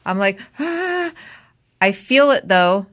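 Animated woman telling parenting stories. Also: moderate pace. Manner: animated storyteller who acts out quotes in a high voice. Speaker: podcast co-host; mother. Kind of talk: casual chat.

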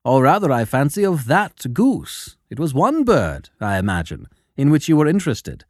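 A man voicing a cool, shrewd detective who speaks in a measured, quietly sardonic way in an audiobook. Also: on the high side, very animated, dry recording, clean studio sound. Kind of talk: audiobook character voice.

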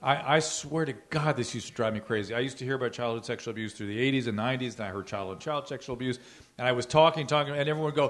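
A man's voice: mid-range voice, rapid-fire. A man hosting a live podcast in front of an audience, speaking earnestly with emphasis and authority. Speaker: podcast host. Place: live venue before an audience.

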